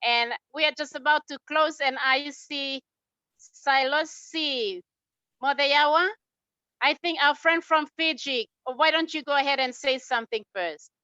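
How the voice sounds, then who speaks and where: A woman from Guinea, hosting an online webinar and warmly praising attendees one by one. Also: high voice, a little slow, no echo. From Papua New Guinea. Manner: effusive, praising, rallying. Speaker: webinar host. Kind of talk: upbeat online webinar shout-outs. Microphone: video call. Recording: muffled lo-fi video call audio.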